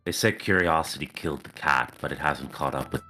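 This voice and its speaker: A man voicing a composed, aloof woman sage in a tower, measured and faintly condescending. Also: a bass voice, sharp tone, soft background music, voice pushed down.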